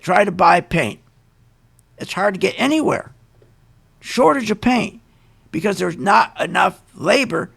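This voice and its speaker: Male radio host with a raised, gravelly voice, preaching his opinions in an emphatic rant. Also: high voice, a bit bright. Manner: ranting, emphatic, sarcastic asides.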